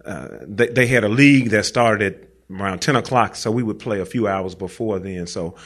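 A man's voice: on the low side, normal speed, fairly bright tone. A man telling a true personal story to a live audience, in a casual, slangy, conversational way that speaks straight to the listeners.

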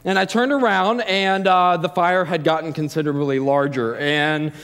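A man's voice: on the high side, fairly even intonation, moderate pace, a bit bright, clean tone. Self-mocking man telling a story. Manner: self-deprecating, lots of fillers and restarts. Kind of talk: personal anecdote, casual storytelling. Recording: long hall reverb.

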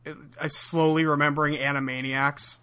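A man hosting a podcast in casual chat, animated and jokey. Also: fairly high pitch, normal speed. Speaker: podcast host.

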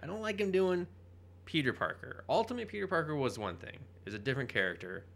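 Gravelly, bright-toned man ranting casually. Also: a little high, lively intonation, fast talker. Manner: rambling, profane, jokey, bursts into mock voices. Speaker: podcast co-host. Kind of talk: casual comic book chat.

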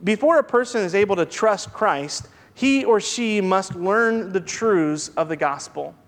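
A man's voice: sits high, lively intonation, unhurried. A man preaching a sermon as a pastor, reading scripture and dropping wry asides. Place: church sanctuary. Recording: long reverb from a church hall.

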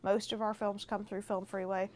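Animated woman telling a story. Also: mid-range voice, moderate pace. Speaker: film festival organizer guest. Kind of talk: casual podcast chat, storytelling.

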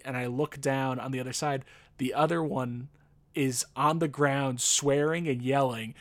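A man telling a rambling story in casual chat, swearing freely and acting out the people in it with laughs. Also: mid-range voice. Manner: animated storyteller, swears, acts out voices with laughs. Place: Los Angeles area.

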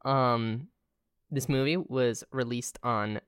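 Very low-voiced young woman on a podcast, wry jokes, dead dry room. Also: slow, smooth, no echo. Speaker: podcast co-host. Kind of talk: casual chat.

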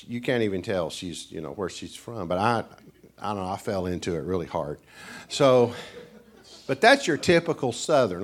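A male pastor with a thick East Tennessee mountain accent, joking folksily with a congregation as he preaches. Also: mid-range voice. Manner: folksy, joking, chuckling storyteller. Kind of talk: humorous sermon to a congregation.

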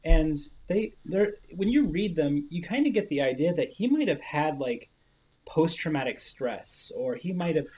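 A man in casual conversation about faith, speaking thoughtfully with halting pauses and fillers. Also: on the high side, expressive, darkish tone, slight background noise.

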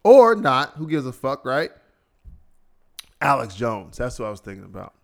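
Male podcast host, profane exasperated solo rant with mocking impressions, ordinary mid pitch. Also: animated, moderate pace, vocal fry, a bit bright.

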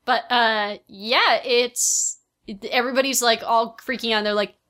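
A woman co-hosting a podcast and chatting casually about a film, retelling scenes in an animated, giggly way. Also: fairly high pitch, a little slow. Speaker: podcast co-host.

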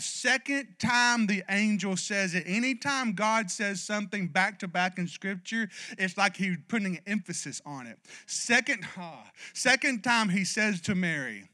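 Male pastor, emphatic sermon, high and very bright voice. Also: expressive, unhurried, hardly any pauses. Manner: emphatic, calls for "amen" from the congregation; builds to loud, passionate exhortation.

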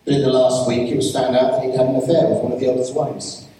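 A man's voice: medium pitch, little pitch movement, fast talker, dark tone. A man preaching a sermon, telling a story and pressing his point with emphatic rhetorical questions. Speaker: pastor. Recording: echoey hall, mic from far off.

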